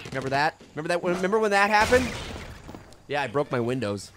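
A young man hosting a silly game commentary, tired and loopy, rambling from mumbles to loud outbursts. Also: on the high side, expressive, fast, a little hiss or hum. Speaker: gaming video host. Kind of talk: silly let's-play commentary. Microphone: desk microphone.

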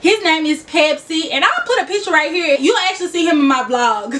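Casting: young woman, Memphis Southern accent, high voice, a bit off-mic. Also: expressive, fairly quick, hardly any pauses, fairly bright tone, far from the mic. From Memphis, Tennessee. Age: 20s. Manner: chatty, laughing, addresses viewers as y'all. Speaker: YouTuber. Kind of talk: casual vlog chat.

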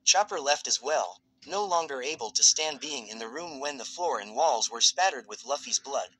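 A man reading fan fiction aloud as a narrator in a steady, even storytelling voice. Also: mid-range voice, normal speed, slightly rough, poor audio.

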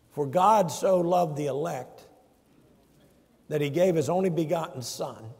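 A pastor with a slightly high, mellow voice preaches a sermon emphatically in a church, posing rhetorical questions to the congregation. Long church reverb fills the recording.

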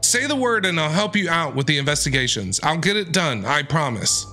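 A man's voice: on the high side, sing-song, brisk, pushed and bright, faint music behind. A man voicing an eager young female scout from a manga, calling out and pleading insistently.

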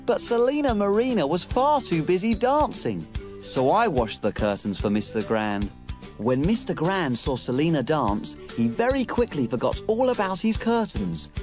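Small, a bubbly tiny cook. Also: female voice, lowish voice, very animated, moderate pace, a little mellow, soft background music. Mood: cheery storytelling. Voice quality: sing-song, exaggerated, bouncy. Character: tiny cheerful female cook, bubbly storyteller. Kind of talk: children's TV storytelling.

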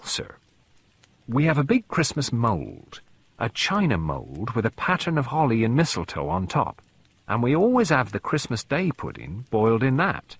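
A man voicing a chatty, old-fashioned female cook who rambles fondly about the old ways, in a husky voice. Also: mid-range voice, a bit bright, pitched above the performer's own voice, full character voice.

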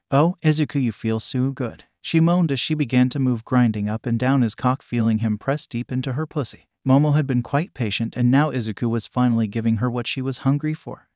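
A man reading a story as its narrator in a steady, even manner. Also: medium pitch, dry recording, studio quality. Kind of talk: storybook reading of fan fiction.

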